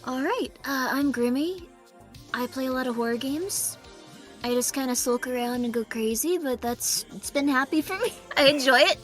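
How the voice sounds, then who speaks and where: Bright, playful woman guest. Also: high-pitched, normal speed, soft background music. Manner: modest, playful, laughs easily. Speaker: guest streamer. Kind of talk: casual chat.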